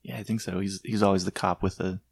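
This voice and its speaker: A man co-hosting a podcast who chats casually, firing off quick quips and laughing often. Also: deep voice, level tone, vocal fry, slightly rough, dry recording. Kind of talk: casual chat.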